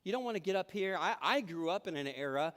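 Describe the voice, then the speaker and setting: The preacher's high voice moves at a quick pace, echoing with a long reverb tail through the church sanctuary. He's a lively storyteller who acts out the voices of those he quotes in his sermon.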